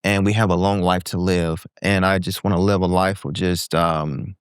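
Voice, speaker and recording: A man's voice: deep voice, normal speed, clear, resonant tone, no room sound, clean studio sound. A man in his forties speaking as a guest entrepreneur, telling a candid story in a podcast conversation and acting out the voices he quotes. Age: 40s. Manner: animated, acts out quoted voices.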